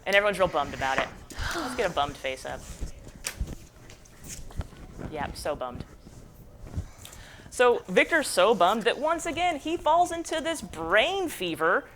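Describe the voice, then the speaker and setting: A woman's voice: medium pitch, big pitch swings, normal speed, pushed and bright, a little hiss or hum. A young adult woman giving a jokey, slangy, casual book summary as a book club presenter.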